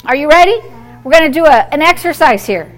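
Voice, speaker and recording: A woman's voice: high voice, animated, brisk, faint music behind. A woman pastor preaching a sermon to a small group, emphatic and call-and-response, acting out dialogue with the devil.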